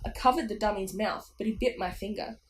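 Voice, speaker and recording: A woman's voice: mid-range voice, brisk, a little hiss or hum, poor audio. Woman reading a spooky kids' book aloud. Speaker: audiobook reader. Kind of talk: amateur storybook narration.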